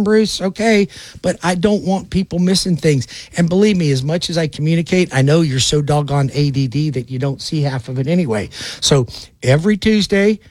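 A folksy man delivers a pushy, rapid-fire sales pitch for his loan business. His voice sits a little high. The sound is dry and close, with no room around it. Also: a little mellow, no echo. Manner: brash, folksy and rapid-fire, acting out little phone calls. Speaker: loan officer. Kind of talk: direct-to-camera sales pitch.

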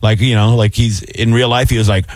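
Fast-talking man telling a story. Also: lowish voice, no room sound, clean studio sound. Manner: animated, acts out both sides of a phone call; says "dude" and "like" a lot. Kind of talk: casual storytelling chat.

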